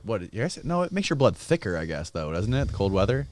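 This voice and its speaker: A man's voice: on the low side, very animated, brisk, a little mellow, slight background noise. A man hosting a podcast who chats casually and teases his guests. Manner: joking, teasing banter. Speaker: podcast host. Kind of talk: casual chat. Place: podcast studio.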